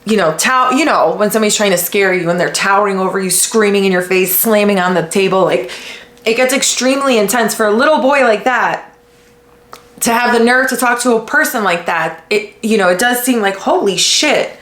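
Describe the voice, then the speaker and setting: A woman from the United States hosting a podcast, talking in a blunt, casual way with lots of swearing and animated retellings. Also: medium pitch, fairly quick. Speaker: podcast host. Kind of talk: casual commentary. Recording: echoey room.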